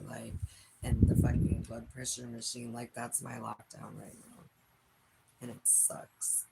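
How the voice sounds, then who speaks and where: Brief: late-40s woman, Philly accent, profane and frank, slow unhurried delivery, faint hiss. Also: rumbling low, vocal fry, low-quality recording. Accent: Philadelphia. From Philadelphia. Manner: frank, profane, laughs often. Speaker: livestream host. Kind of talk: casual livestream chat reading comments.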